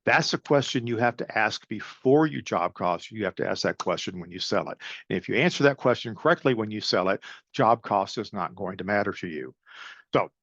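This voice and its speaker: A man's voice: lowish voice, animated, a little fast, a bit bright, no echo, dull audio. Blunt, emphatic man coaching a webinar. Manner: emphatic, coaching, blunt with frequent "right?" and "okay?". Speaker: sales and pricing consultant presenting a webinar. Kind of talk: webinar presentation.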